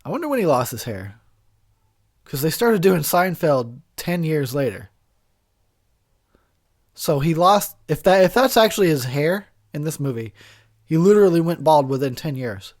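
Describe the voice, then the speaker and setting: A drunk and high man giving a crude, rambling, giggly commentary over a movie he is watching. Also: very animated, normal speed, pauses often, darkish tone.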